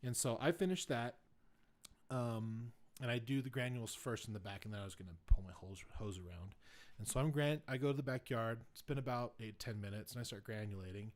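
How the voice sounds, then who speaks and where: A man's voice: medium pitch, fairly quick. Man telling a rambling story. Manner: rambling, filler-heavy, grows louder and excited retelling events. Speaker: podcast host. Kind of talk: casual storytelling chat.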